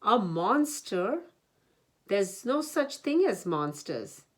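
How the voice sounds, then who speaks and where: A woman's voice: mid-range voice, very animated, takes it slowly. A woman playing a brash, scoffing rabbit.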